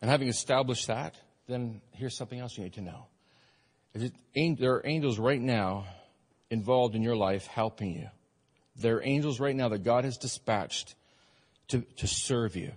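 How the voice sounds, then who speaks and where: A male pastor delivering a sermon to his congregation with an emphatic preaching manner. His voice sits at an ordinary middle pitch for a man. It rings out with the long reverb of a church hall. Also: moderate pace. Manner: emphatic preaching, rising and falling in force.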